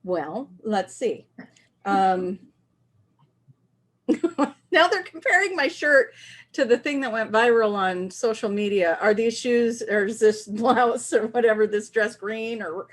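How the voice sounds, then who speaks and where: A woman's voice: fairly high pitch, slow pace. Upbeat Southern US woman co-host. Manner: upbeat, reads out viewer comments. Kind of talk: casual live-stream chat.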